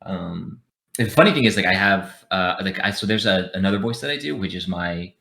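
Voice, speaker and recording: A young man talks on a podcast in a deep voice that still has a bright, forceful edge. He is chatty and high-energy, full of "like" and "um" as he goes. His tone stays casual throughout. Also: fairly quick, creaky. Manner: talkative, energetic, many fillers and restarts. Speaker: podcast guest, streamer. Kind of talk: casual chat.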